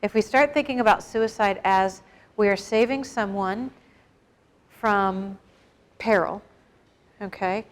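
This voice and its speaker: A woman's voice: medium pitch, takes it slowly, long pauses. A middle-aged woman giving an informal, frank talk to a live group on suicide prevention, often asking the audience questions. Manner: conversational, asks the audience questions; frank, plain-spoken. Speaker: guest speaker on suicide prevention.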